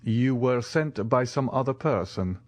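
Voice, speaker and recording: A suave, commanding count, as a male narrator reads him, courteous and knowing, measured in his phrasing. The voice moves with lively intonation and sits dry and close in a storybook reading. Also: mid-range voice, no echo, natural voice.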